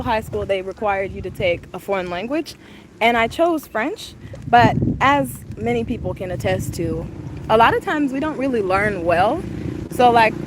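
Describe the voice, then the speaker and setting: A young adult woman, gushing and chatty as she live-streams a walking tour of an outdoor park on her phone. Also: a little high. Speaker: travel vlogger. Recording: outdoor noise, wind and ambience.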